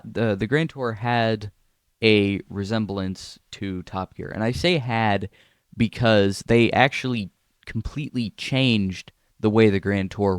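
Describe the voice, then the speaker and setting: Low-voiced man rambling through a podcast. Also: smooth, no room sound, studio quality. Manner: rambling, halting, casual. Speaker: podcast host. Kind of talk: solo podcast commentary.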